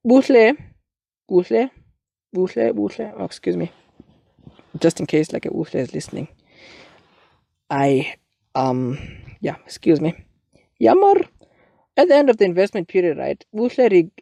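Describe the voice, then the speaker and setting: With a slightly high voice and a dark tone, a young South African tutor talks casually through a maths exam paper, repeatedly asking "you see". The recording is studio quality, with no room sound.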